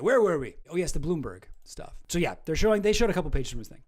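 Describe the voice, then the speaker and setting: High-voiced sarcastic man rambling. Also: very animated, quick pace, darkish tone, slightly rough. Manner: rambling, sarcastic, swears casually. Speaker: commentary vlogger. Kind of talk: casual commentary reading news.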